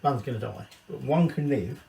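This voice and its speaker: A man's voice: mid-range voice, moderate pace, creaky, dark tone, lightly acted. A man voicing a ruthless ancient king who demands a secret recipe, in a blunt, commanding way. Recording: echoey room, distant mic, faint kitchen noise.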